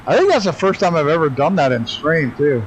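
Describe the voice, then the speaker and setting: A man's voice: on the high side, very animated, a little fast, a little hiss or hum, low-quality recording. Profane man streaming a flight sim. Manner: profane, laughs at himself, talks to chat while flying. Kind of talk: casual live-stream commentary.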